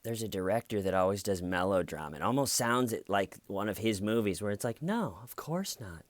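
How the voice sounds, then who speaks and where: On a dry recording, a man with a lowish voice delivers a laid-back, wry commentary monologue at a slow pace. This vlogger occasionally ridicules those he quotes by voicing them mockingly.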